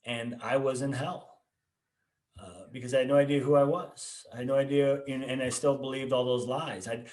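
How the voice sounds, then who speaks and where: A man's voice: mid-range voice, steady tone, moderate pace, darkish tone. A man, a pastor hosting a conversation, tells a personal story earnestly and restarts his words often. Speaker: pastor and podcast host. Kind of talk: personal testimony in casual conversation. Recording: echoey room.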